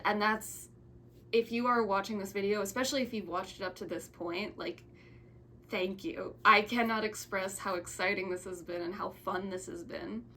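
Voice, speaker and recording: A woman's voice: mid-range voice, fairly bright tone, a little hiss or hum. Rambling sentimental young woman. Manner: rambling, restarts and stumbles, sentimental. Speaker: YouTuber. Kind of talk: casual thank-you vlog.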